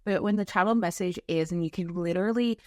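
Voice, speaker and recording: A woman's voice: fairly low pitch, fast talker, no echo, studio quality. A young woman hosting a podcast, chatting casually and frankly about spiritual topics, swearing freely and using lots of fillers. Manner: frank and profane, with frequent fillers. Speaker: podcast host.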